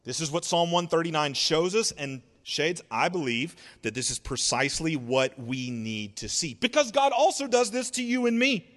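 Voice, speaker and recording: A man preaching a sermon in an expressive, conversational way, asking rhetorical questions and drawing out words. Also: a little high, normal speed, hardly any pauses, long reverb tail. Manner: conversational, sarcastic asides. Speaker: pastor.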